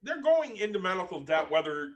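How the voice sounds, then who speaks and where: A man co-hosting a casual podcast, answering calmly with dry counterpoints. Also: sits high, a little fast, lo-fi sound, crowd noise. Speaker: podcast co-host. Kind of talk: casual chat.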